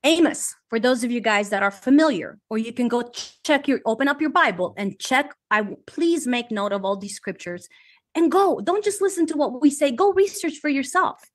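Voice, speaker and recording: A woman's voice: high-pitched, lively intonation, moderate pace. A woman on an online panel discussion who reads scripture aloud and gets heated and emphatic as she argues.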